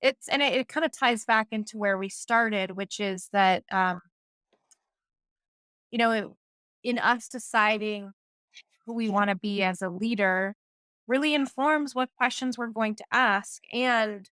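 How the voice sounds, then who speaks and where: A woman co-hosting a studio talk show, explaining her points in an animated, conversational way. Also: medium pitch, a little slow, clean tone, no room sound. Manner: animated, acts out quoted voices while explaining. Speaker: podcast co-host. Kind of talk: casual conversation. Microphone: studio mic.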